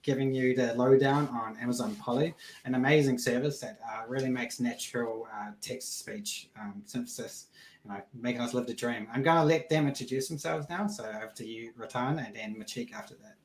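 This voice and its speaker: A man's voice: mid-range voice, fairly even intonation, brisk. A man hosting a casual livestream, rambling loosely with fillers over a video call. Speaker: show host. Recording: roomy with faint background noise.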